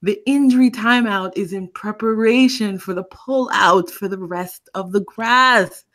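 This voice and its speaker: A woman's voice: mid-range voice, unhurried, a bit bright. A woman co-hosting a casual podcast, sassy and emphatic, drawing out her points like a lecture. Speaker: podcast co-host.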